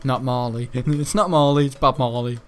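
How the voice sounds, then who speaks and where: A man giving rambling, chatty gameplay commentary, laughing often and breaking into excitable outbursts. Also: medium pitch, normal speed, soft background music. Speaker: gaming channel host.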